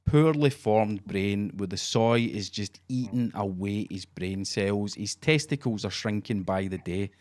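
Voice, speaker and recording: A man's voice: on the low side, unhurried, few pauses, a little mellow. A Scottish man in his forties, co-hosting a podcast in sweary, mocking casual chat. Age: 40s. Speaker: podcast co-host.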